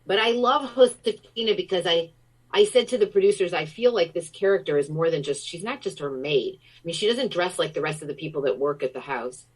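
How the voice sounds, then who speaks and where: Low-voiced, effusive middle-aged woman. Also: lively intonation, a little fast, poor audio. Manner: effusive, enthusiastic storytelling. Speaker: actor, interview guest. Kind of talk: casual interview chat.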